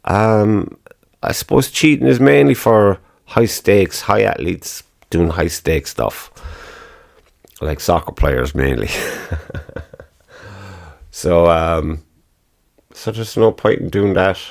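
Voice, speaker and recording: A man's voice: sits low, animated, takes it slowly, vocal fry, long pauses, darkish tone. A man hosting his own podcast in casual solo chat, rambling, swearing freely and laughing at his own remarks. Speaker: podcast host.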